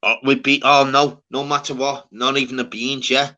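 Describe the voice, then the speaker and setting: A man's voice: mid-range voice, level tone, normal speed, bright, forceful tone. A man from the north of England in casual, sweary, rambling banter while hosting a livestream. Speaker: livestream host. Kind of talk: casual chat.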